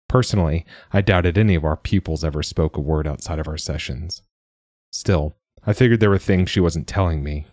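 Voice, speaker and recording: A man giving measured, wry, reflective first-person audiobook narration. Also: very deep voice, a little mellow, slightly rough, dry recording, studio quality.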